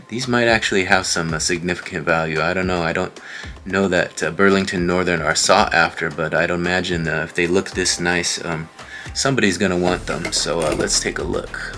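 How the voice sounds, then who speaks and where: Deep-voiced man casually showing off finds. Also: normal speed, soft background music. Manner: relaxed, rambling, frequent "uh" fillers. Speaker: online reseller. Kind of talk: casual show-and-tell vlog.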